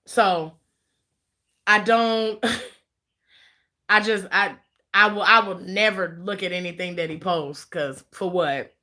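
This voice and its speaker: A woman's voice: lowish voice, slow, pauses often, bright, forceful tone. A woman giving blunt, profane, emphatic commentary in an opinion vlog.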